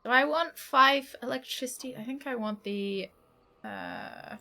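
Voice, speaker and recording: Give me a bright, sing-song woman chatting on a home stream and baby-talking her dog. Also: high-pitched, huge pitch swings, measured pace. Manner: chatty, laughs often. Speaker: game streamer. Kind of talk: casual live-stream chat.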